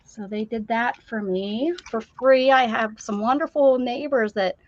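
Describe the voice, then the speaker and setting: A woman hosting a casual craft livestream, chatty and animated, greeting viewers by name. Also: on the high side, a little slow, highs cut off, a little hiss or hum.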